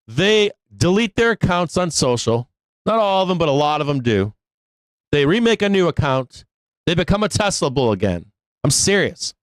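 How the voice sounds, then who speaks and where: Male live-stream market host, profane and pleading, raised pitch, dead-dry sound. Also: very animated, moderate pace, no room sound. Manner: exasperated, profane, pleading with viewers, laughs often. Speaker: stock trading show host. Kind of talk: live trading show rant.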